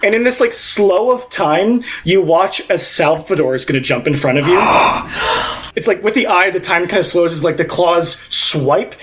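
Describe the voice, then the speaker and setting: A man's voice: high-pitched, lively intonation, moderate pace, fairly bright tone. A young man narrating as game master, improvising in a rambling way full of fillers.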